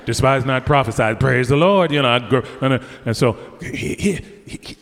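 A man preaching a fervent sermon, swinging between loud exclamations and quiet asides. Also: mid-range voice, lively intonation, normal speed. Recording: long hall reverb.

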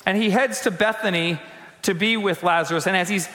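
A male pastor preaching a conversational sermon in a church, acting out quotes and slowing down for emphasis. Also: sits high, sharp tone, long reverb tail. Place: church sanctuary.

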